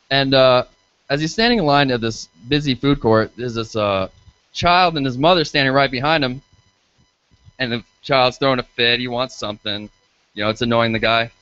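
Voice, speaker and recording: This bar stand-up set, heard through dull lo-fi livestream audio with no room sound, features a comedian and radio host on a handheld mic. His medium-pitched voice is smooth and a bit bright, at normal speed with long pauses, as he trades profane, self-mocking jabs with the crowd.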